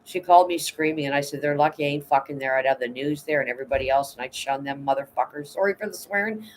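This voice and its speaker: Speaking fast with hardly any pauses, a middle-aged Canadian woman hosts a casual livestream chat, blunt and emotional, swearing a lot and saying hi to viewers by name. Her voice is low-pitched. Slight background noise marks a rough recording.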